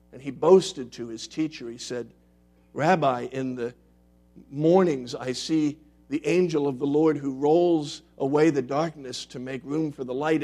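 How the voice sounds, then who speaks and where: A male pastor preaches with a gravelly, slightly high voice. He tells stories dramatically, swinging from loud to hushed. Soft music plays faintly behind him. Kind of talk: sermon with storytelling.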